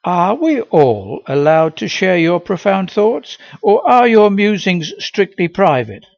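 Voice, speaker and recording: A sharp, sarcastic schoolmistress with a raised, clipped voice and a lively lilt, as a male narrator puts her on. Her tone is husky and a little gravelly, heard on a dry, slightly muffled recording. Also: lowish voice, measured pace, no echo, pitched above the performer's own voice, heavily acted. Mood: sarcastic scolding. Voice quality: sarcastic, crisp and commanding. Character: stern sarcastic middle-aged woman schoolteacher. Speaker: teacher.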